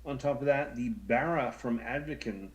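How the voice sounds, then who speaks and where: A man in his thirties telling a story in casual chat, animated and stammering, acting out voices as he goes. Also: mid-range voice, normal speed, slight background noise, low-quality recording. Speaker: co-host.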